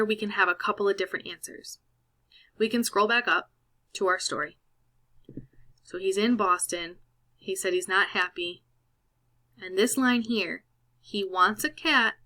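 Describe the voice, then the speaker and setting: A woman's voice: medium pitch, bright, forceful tone. A woman teaching a Spanish lesson over a screen recording, patient and explaining each step.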